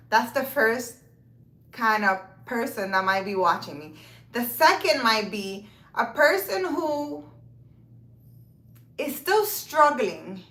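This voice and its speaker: Her voice is a little high, bright and forceful, recorded with a roomy sound. This woman, a spiritual vlogger, talks to camera about faith in a loose, conversational way, full of fillers like "um" and "you know," fixing her words as she goes.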